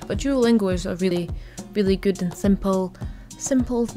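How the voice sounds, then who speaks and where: A woman's voice: medium pitch, moderate pace, mellow. A young Scottish woman with a Scottish accent, chatting to camera in a playful, self-mocking vlog. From Scotland. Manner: chatty, playful, laughs at herself. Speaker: vlogger. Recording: faint background music.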